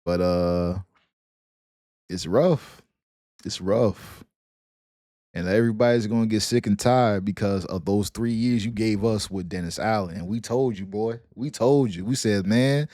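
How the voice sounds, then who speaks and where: A man's voice: on the low side, a little slow, warm tone, no echo, clean studio sound. A man, ranting casually about his football team, joking and laughing between slang-heavy jabs. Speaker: sports commentary vlogger. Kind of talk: casual sports rant.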